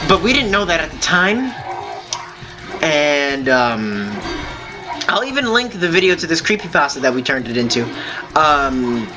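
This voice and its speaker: A man hosting a gaming video, telling a long story in a halting, rambling way with many fillers while he plays. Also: on the high side. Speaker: gaming channel host. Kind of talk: telling a story over gameplay.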